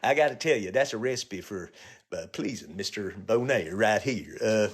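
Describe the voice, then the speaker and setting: A man's voice: expressive, moderate pace, slightly rough. Man rambling crude jokes on a live stream. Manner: crude, joking, swings between low mutters and high yelps.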